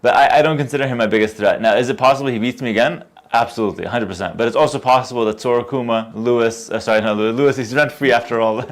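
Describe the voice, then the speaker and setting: A man answering interview questions at a gaming tournament, relaxed and self-assured, with many fillers. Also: mid-range voice, racing, hardly any pauses. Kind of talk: post-match interview.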